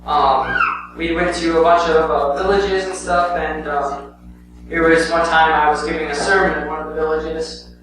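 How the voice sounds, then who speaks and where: A man's voice: fairly high pitch, steady tone, normal speed. A young man presenting his church mission trip in a rambling, casual way, full of "um" and "anyway". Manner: rambling, with many "um" and "anyway" fillers. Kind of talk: casual spoken report to a congregation. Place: church sanctuary. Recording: very echoey church hall, heard from a distance, with a clear hum.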